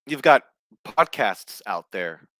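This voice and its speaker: A man's voice: fairly low pitch, very animated, slow, a bit bright, no echo. Profane, blunt man ranting solo. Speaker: host. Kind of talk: casual ranting commentary.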